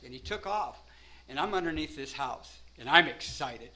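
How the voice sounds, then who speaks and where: A man's voice: fairly high pitch, expressive, normal speed, sharp tone, rough recording. A man telling a rambling first-person story, peppering it with "you know" and "man" and laughing at himself.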